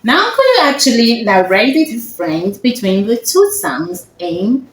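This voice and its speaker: A woman tutoring phonics one-on-one, speaking slowly and repeating herself to check that her student follows. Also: on the high side, big pitch swings. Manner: slow, repetitive teacher checking understanding. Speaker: phonetics tutor. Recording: echoey room with faint noise.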